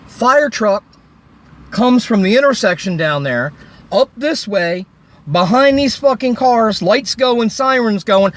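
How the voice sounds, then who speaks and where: His high, expressive voice comes a little slow as he rants at his phone beside a road. The vlogger is furious, cursing heavily and being sarcastic throughout.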